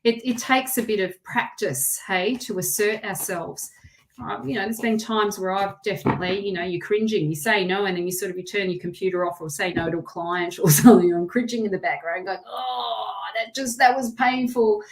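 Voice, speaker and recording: A woman's voice: mid-range voice, steady tone, a little fast, a little hiss or hum. A woman with an Australian accent giving a live tarot reading, chatty and rambling, with lots of restarts. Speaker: tarot reader.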